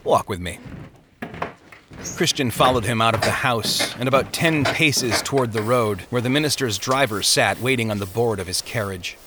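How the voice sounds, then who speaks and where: A man's voice: medium pitch, normal speed, few pauses, noisy background. A man narrating a story as an audiobook, telling it expressively.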